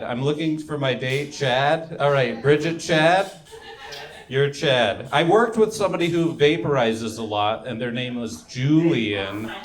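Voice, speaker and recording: A young man doing a stand-up set, delivering one-liners and trailing off into mumbles between jokes. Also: medium pitch. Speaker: stand-up comedian. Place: comedy club stage.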